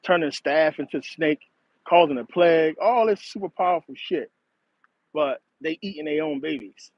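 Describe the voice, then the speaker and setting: A man's voice: on the high side, moderate pace, dry recording. A man hosting a casual monologue, rambling, cursing a lot and laughing often. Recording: dull, slightly lo-fi dry recording.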